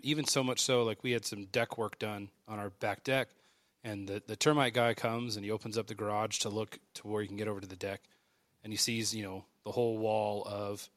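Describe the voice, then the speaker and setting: A man's voice: on the low side, no echo. A man on a podcast telling stories casually and animatedly, acting out the people in them. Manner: animated, acts out dialogue in quick bursts. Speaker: podcast guest. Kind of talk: casual storytelling.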